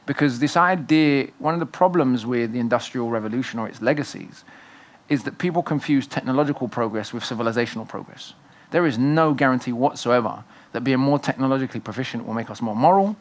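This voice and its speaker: Man, author guest at a festival, quick, forceful, argumentative delivery. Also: mid-range voice. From Britain. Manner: fast, emphatic, argumentative storytelling. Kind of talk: festival conversation.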